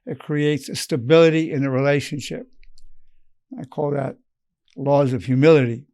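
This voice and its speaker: A man in his eighties, a psychologist, giving an earnest, measured lesson and softly acting out loving phrases. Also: fairly high pitch, steady tone, no echo. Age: 80s. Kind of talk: unscripted advice talk.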